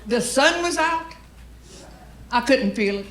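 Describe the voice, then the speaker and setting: On a comedy stage with a live crowd, a Cajun-accented Southern woman from Louisiana delivers a brash, profane stand-up story slowly and expressively in a voice that sits high. The roomy venue has faint ambience, yet the recording carries heavy background noise.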